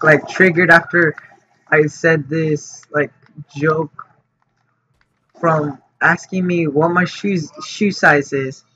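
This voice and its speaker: A man with a fairly high, sharp-toned voice tells a story for his vlog, rambling casually with lots of fillers and restarts. The audio is dull and lo-fi with faint noise.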